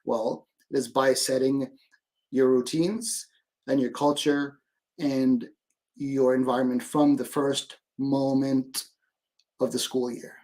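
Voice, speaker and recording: Brief: male educator guest, lively and conversational, mid-pitched voice, over a video call. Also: takes it slowly. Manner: animated, peppers sentences with "right?". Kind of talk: casual interview talk.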